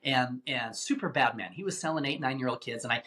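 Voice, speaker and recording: A middle-aged man, a podcast guest, recounting a tense rescue mission in vivid, animated storytelling with acted-out quotes. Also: medium pitch, fairly quick. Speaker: guest, anti-trafficking rescuer. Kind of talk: dramatic storytelling in a podcast interview.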